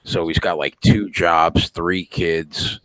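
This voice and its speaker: A man's voice: low-pitched, level tone, takes it slowly, fairly bright tone, dry recording. A man co-hosting a casual late-night sports betting chat, laid-back and profane, with lots of filler words. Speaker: podcast co-host.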